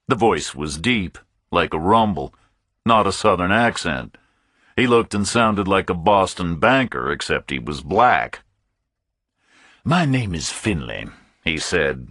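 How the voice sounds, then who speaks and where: A man's voice: sits low, fairly bright tone, slightly rough, no room sound, clean studio sound. A man narrating a first-person thriller audiobook in a laconic, matter-of-fact way.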